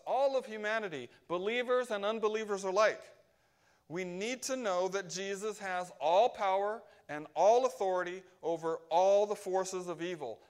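A man's voice: sits high, clean tone. A man preaching a sermon, emphatic and often asking "right?" to his hearers.

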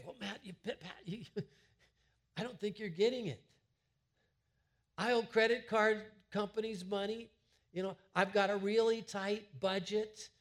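Male pastor, middle-aged, higher voice; conversational sermon, animated, restarts often. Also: a little slow, pauses often. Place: church sanctuary.

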